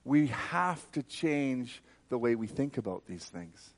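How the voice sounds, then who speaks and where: A man preaching a sermon with fervent, emphatic delivery. He speaks at an ordinary mid pitch and leans hard into each point of his testimony. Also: big pitch swings, takes it slowly.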